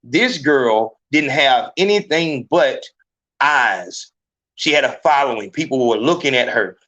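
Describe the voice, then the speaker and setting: Forceful, heated male podcast host. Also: medium pitch, a little slow. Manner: profane, emphatic, animated. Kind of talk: heated live podcast rant.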